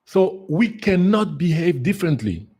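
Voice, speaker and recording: Unhurried and warm, a man with a high, husky voice and big pitch swings talks as a spiritual life coach. It is a casual solo livestream, and he is earnest, repeats words for emphasis, and uses fillers.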